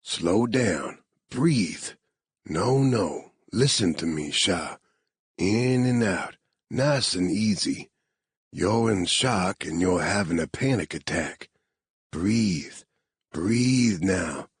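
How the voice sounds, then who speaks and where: A man voicing a gentle, protective man with a Cajun accent, who talks slowly and soothingly. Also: sits low, expressive, slightly rough, dry recording, heavily acted. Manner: slow, soothing, murmuring.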